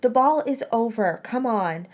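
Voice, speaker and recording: A woman's voice: on the high side, lively intonation, unhurried, darkish tone. A woman voicing a teenage boy wizard who is wry and teasing, with a dry, joking, mock self-pitying manner. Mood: coaxing.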